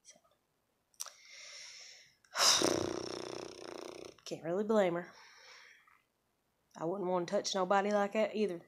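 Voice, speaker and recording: A woman's voice: mid-range voice, fairly even intonation, slow pace, pauses often. A woman telling personal stories in a casual vlog. She rambles frankly and swears freely, with many fillers and restarts. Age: adult with a child. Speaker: vlogger.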